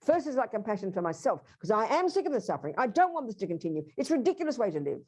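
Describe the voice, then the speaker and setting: A woman's voice: fairly high pitch, sing-song, racing, a little mellow. A woman teaching a Buddhist workshop, speaking emphatically and directly to her audience.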